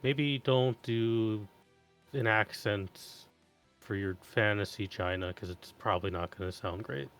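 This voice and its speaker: A man's voice: lowish voice, measured pace, fairly bright tone, soft background music. Blunt, wry man in casual chat. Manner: blunt, wry one-liners.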